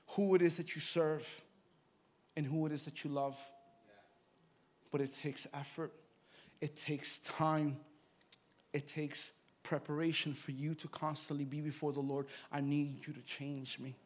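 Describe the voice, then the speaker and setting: A middle-aged man preaching a sermon, telling stories and swinging from hushed asides to loud, emphatic bursts. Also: on the high side, little pitch movement, a little slow, pauses often.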